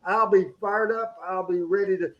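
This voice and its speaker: A man with a high-pitched voice hosting a radio show from the studio. He talks in energetic, rambling bursts, full of fillers and false starts. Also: moderate pace, dull audio. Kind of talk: casual studio chat.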